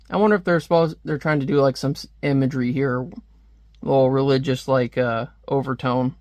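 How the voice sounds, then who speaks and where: A man's voice: medium pitch, fairly even intonation, fairly quick, darkish tone, dry recording, studio quality. A man casually reviewing a comic book, rambling and sarcastic as he reads panels aloud.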